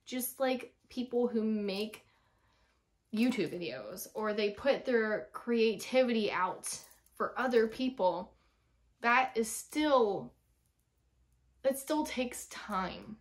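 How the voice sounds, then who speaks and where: A woman's voice: a little high, lively intonation, slow. Candid woman in her thirties vlogging. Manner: candid, chatty storytelling; frank and emotional. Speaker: former teacher, vlogger. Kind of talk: personal vlog.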